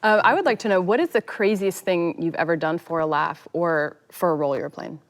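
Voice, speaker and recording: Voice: mid-range voice, brisk. A moderator leading a comedy roundtable, teasing and inquisitive.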